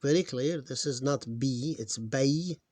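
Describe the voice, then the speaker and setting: A man teaching reading, slowly sounding out syllables one at a time, recorded on a close mic. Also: medium pitch, a little mellow, husky, no room sound. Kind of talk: screen-recorded phonics lesson.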